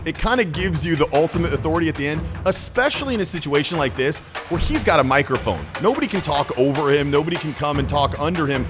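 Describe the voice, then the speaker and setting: A man with a slightly high voice talks through a clip, step by step. His delivery is casual and analytical, like a coach explaining technique to viewers. Faint music plays behind him. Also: expressive, fast talker, few pauses. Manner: analytical, casual, laughs often. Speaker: social skills coach and channel host. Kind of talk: video commentary breakdown.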